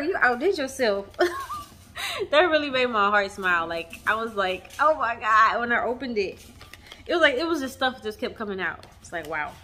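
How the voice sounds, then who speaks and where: Woman, casual vlog chat, emotional, bright tone. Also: on the high side, a little hiss or hum. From Texas. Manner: warm, chatty, addresses viewers as y'all; emotional, near tears at times. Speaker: vlogger. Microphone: camera mic on tripod.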